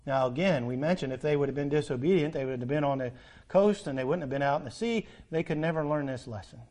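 High-voiced man preaching a sermon. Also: quick pace. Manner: swings between loud urgent appeals and soft hushed asides.

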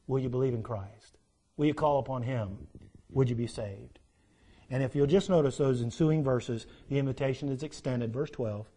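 A man preaching a sermon, quoting scripture in old-fashioned wording, swinging from loud emphatic peaks to low, quiet stretches. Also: husky.

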